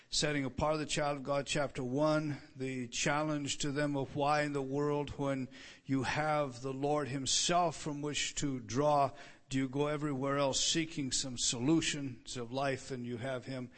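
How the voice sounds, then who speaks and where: A man's voice: mid-range voice, little pitch movement, a little slow, a bit bright. A man preaching an expository sermon, emphatic and repetitive, who often restarts his sentences and rises on key words. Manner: stammering restarts. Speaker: pastor.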